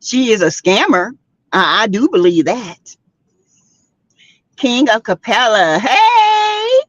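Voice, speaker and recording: Older woman, Southern US accent, sassy gossip host, lively swooping voice, dull dry lo-fi audio. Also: mid-range voice, slow, no room sound. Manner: animated and sassy, laughing often, calling out to viewers. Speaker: host of a celebrity gossip livestream. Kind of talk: casual gossip chat with viewers.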